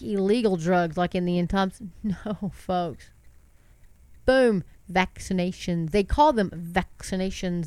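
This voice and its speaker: A woman's voice: mid-range voice, smooth, no room sound. A middle-aged woman hosting an online commentary show, congested from a sinus cold, reading news aloud with preachy fervor and asking her viewers rhetorical questions.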